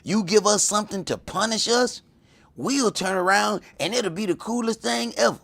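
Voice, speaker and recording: A man teaching a religious class in a lively preaching style, telling stories and acting out voices, swinging from loud to hushed. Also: high voice, normal speed, vocal fry. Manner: animated, storytelling, acts out voices, swings from loud to whispered.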